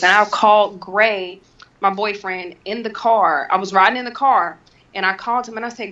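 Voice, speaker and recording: A woman's voice: medium pitch, a little fast, muffled recording. A woman guest telling her story earnestly in a casual interview, acting out what she said to others. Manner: earnest storytelling, animated quotes. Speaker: podcast guest.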